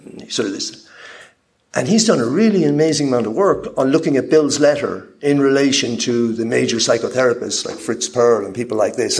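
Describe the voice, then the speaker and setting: A man speaking at a recovery convention, giving a candid personal share that rambles, with frequent restarts and repeated words. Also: mid-range voice.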